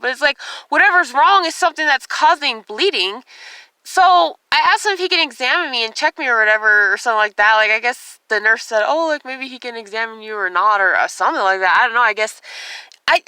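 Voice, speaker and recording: A woman's voice: sits high, sharp tone, no room sound. A young woman vlogging in a distressed, tearful state, rambling with lots of "like" and swearing. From United States. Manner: rambling, heavy use of "like", profane. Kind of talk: casual personal vlog rant.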